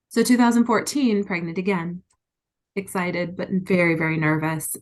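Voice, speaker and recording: Female guest, middle-aged, lower-pitched, frank and emotional storyteller. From United States. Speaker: interview guest. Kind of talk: candid personal storytelling.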